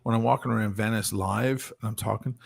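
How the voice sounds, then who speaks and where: A man chatting casually on a stream, profane and animated, now and then slipping into put-on voices. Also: fairly low pitch, fast, vocal fry, husky, no room sound. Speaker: live-streaming regular. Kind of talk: casual chat.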